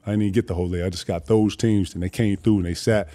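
A man tells a story in a casual, lively way, cursing freely and slipping into other people's voices. His voice sits low and sounds mellow and warm. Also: very fast. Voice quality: animated, profane, acts out voices. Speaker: guest storyteller.

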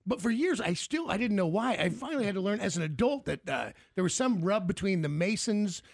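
A man's voice: high-pitched, animated, fairly quick, creaky, dry recording, studio quality. A man hosting a casual chat, telling rambling stories with lots of restarts and laughing through the punchlines.

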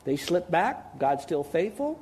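A male pastor preaching a sermon in an animated, emphatic way, speaking straight to his listeners. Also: fairly high pitch, a little slow, slight background noise.

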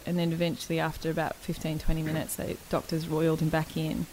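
Low-voiced young woman, frank and swearing. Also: monotone, quick pace, darkish tone, a little hiss or hum, poor audio. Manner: frank, swears freely, laughs between lines. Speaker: guest telling a personal story. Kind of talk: candid casual chat.

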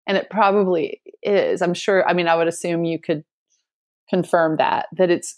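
A woman business coach talking as a guest in an interview. She tells stories with energy, acts out what other people said, and laughs often. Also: fairly low pitch. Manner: animated storyteller, acts out quotes, laughs often. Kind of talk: casual interview conversation.

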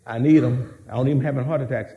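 A man preaching voices a calm, folksy Jesus quietly hushing a storm. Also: quick pace, muffled recording, natural voice. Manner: low, hushed, folksy.

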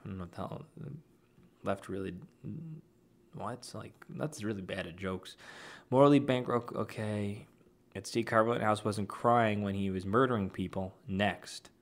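A man's voice: lowish voice, moderate pace. Argumentative man reacting to a clip. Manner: argumentative and dismissive. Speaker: online commentator. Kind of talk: reacting to a clip and reading posts aloud.

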